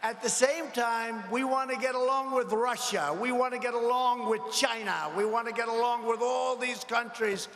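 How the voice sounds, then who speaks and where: A man's voice: very high voice, fairly even intonation, normal speed, few pauses, fairly bright tone. A man in his seventies giving a rally speech, combative and mocking, with rambling asides. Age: 70s. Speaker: politician addressing a rally. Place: large arena. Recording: echoey arena with long reverb.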